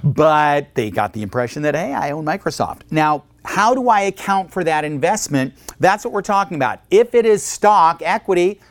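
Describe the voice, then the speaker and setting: A male instructor giving a recorded accounting lecture in a lively, joking way, acting out short phone calls to explain his points. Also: a little high, normal speed, hardly any pauses, no room sound. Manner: lively, jokey, acts out little phone calls.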